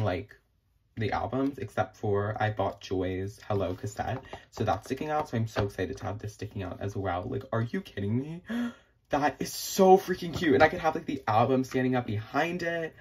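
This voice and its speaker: A young man in a casual unboxing vlog, gushing and excitable, with frequent gasps and many fillers. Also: mid-range voice, slight background noise. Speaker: vlogger.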